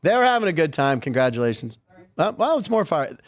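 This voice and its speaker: A man's voice: a little high, big pitch swings, fairly quick. A man hosting a sports podcast, chatting casually with wry, sarcastic asides.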